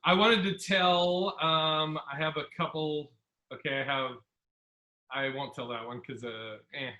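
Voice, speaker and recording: Podcast host guy, high and bright, rambling story with lots of acted-out quotes, echoey room. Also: unhurried. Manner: rambling, animated, acts out quotes. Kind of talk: casual storytelling chat. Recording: roomy echo.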